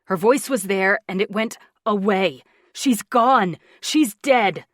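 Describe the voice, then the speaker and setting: A woman's voice: fairly low pitch, a little slow, no room sound, clean studio sound. Woman voicing a frantic, confused young man. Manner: loud, pleading, confused. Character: distraught, drugged young man, a wealthy boss.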